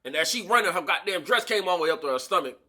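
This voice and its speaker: A man telling a story in a casual storytime vlog, slangy and animated, acting out the people in the story, recorded on a camera-mounted shotgun mic. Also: sits high, rapid-fire. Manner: animated, slangy, acts out the voices of people in his stories.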